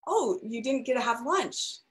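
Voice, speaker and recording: Woman host, 30s, conversational and chatty, a bit high-pitched. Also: expressive, moderate pace. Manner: chatty, laughs often, many restarts. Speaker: parenting podcast host. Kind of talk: casual conversation.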